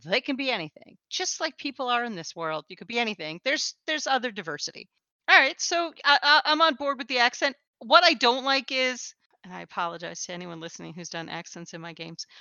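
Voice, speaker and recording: A woman chats casually on a podcast, poking fun at herself and laughing often. Her voice is bright, with lively swings in pitch. The sound is dry and somewhat dull, like lo-fi podcast audio. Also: no echo. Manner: self-deprecating, laughs often. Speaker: podcast co-host and game master. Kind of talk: casual chat.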